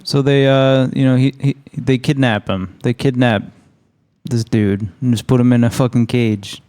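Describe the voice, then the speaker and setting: A man's voice: medium pitch, steady tone, normal speed, music in the background. A man co-hosting a podcast, discussing a film in a dry, understated way. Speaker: podcast co-host.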